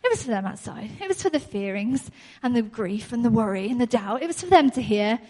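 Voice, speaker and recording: A woman's voice: a little high, animated, fairly quick, warm tone. A woman preaching a sermon in an earnest way, repeating her key phrases and laughing often. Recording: long hall reverb.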